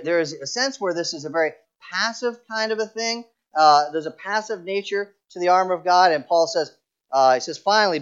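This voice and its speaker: A man's voice: on the high side, smooth, lo-fi sound. A man preaching a sermon earnestly, often repeating a word as he restarts a phrase. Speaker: pastor.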